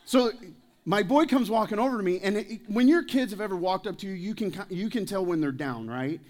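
A man's voice: high voice, expressive, fairly quick, darkish tone. A man preaching a sermon at a church service, telling stories with jokes and putting questions to the congregation. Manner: joking, anecdotal storytelling. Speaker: pastor.

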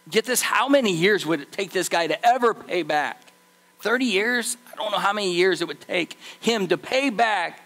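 A man preaching a sermon as pastor, animated, acting out the people in his story. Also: high voice.

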